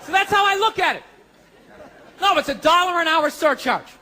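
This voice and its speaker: Brash Boston comic man doing a stand-up set, tense bright voice, live hall sound. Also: very high voice, animated, normal speed, slight background noise. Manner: ranting, shouting into exaggerated impressions. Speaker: stand-up comedian. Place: stage before a live audience. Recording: live theater recording with crowd and reverb.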